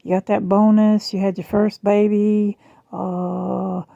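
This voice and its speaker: Middle-aged Southern woman, talkative and self-mocking, strained rough voice, dry sound. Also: medium pitch, level tone, slow pace, warm tone, no echo, dull audio. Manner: chatty, rambling, self-deprecating. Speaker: jewelry vlogger. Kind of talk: casual chat. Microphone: phone camera.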